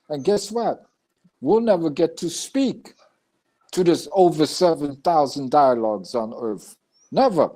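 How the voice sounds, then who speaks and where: A man's voice: a little high, mellow. An older man from a Puerto Rican family in New York, with a New York accent, telling stories bluntly and profanely on a live chat stream. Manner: profane, blunt storytelling, chuckles often. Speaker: live show panelist. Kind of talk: casual chat.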